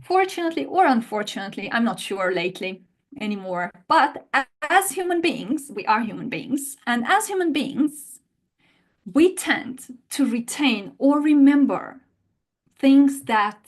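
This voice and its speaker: A woman teaching an online language lesson, explaining in a lively way and often rephrasing and repeating her points. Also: fairly high pitch, moderate pace.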